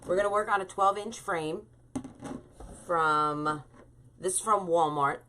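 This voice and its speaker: A woman's voice: lowish voice, slow, sharp tone, a little hiss or hum. A talkative woman hosting a live-stream wreath-making tutorial, chatting with viewers and greeting them by name.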